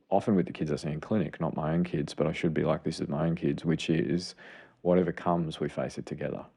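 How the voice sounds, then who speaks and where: A man with an unusually deep, gravelly voice, talking in an earnest, rambling way. His tone is dark and mellow, and he corrects himself mid-sentence as he explains things on a podcast. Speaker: podcast co-host, child clinician. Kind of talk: casual explanatory chat.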